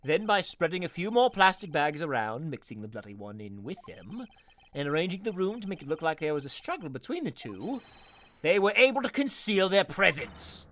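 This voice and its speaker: A man voicing a composed, logical male prosecutor for a fan voice-over of a game, speaking in a measured way. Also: a little high, big pitch swings, fairly bright tone. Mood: reasoning. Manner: measured, deliberate reasoning.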